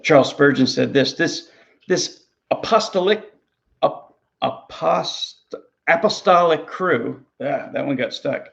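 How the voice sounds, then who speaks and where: A man's voice: fairly high pitch, animated, slow pace, vocal fry, fairly bright tone, lo-fi sound. A man, a ministry pastor, preaching a sermon in an earnest, conversational way, often repeating words as he goes.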